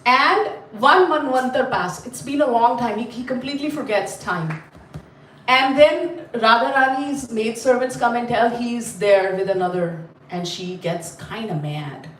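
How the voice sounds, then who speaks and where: A woman's voice: fairly high pitch, measured pace, slight background noise. Woman telling a story in a roomy space. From India. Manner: animated, chatty, asks the group questions. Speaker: storyteller teaching a class. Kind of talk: lively storytelling for listeners. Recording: roomy, mic at a distance.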